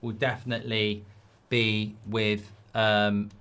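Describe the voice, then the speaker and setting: A man's voice: fairly low pitch, little pitch movement, takes it slowly, fairly bright tone, smooth. A man hosts a live football watchalong, reading viewer comments aloud and breaking into exasperated, sweary outbursts at the game. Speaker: watchalong host.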